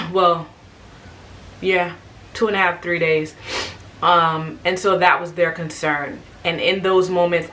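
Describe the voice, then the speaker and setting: Vlogger, woman, lowish bright voice, animated storyteller. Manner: animated storytelling, acting out what people said. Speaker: vlogger sharing her birth story. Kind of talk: casual storytime monologue.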